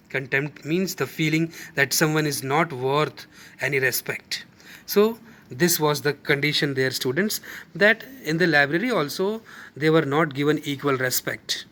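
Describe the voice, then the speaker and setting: Man, Indian English accent, school teacher, explaining a lesson, unhurried, bright voice. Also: on the high side. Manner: patient, repeats and explains words, addresses students.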